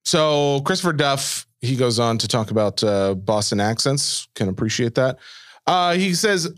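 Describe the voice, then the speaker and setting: A man co-hosting a podcast in casual chat, reading listener mail aloud and answering in a relaxed way. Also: medium pitch, unhurried, no room sound, clean studio sound. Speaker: podcast co-host.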